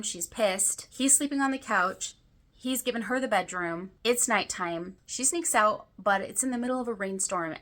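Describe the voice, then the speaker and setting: A woman's voice: fairly low pitch, pushed and bright. A woman book vlogger casually retelling a novel's plot in a chatty way, with lots of "like" fillers. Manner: chatty storytelling with frequent "like" fillers.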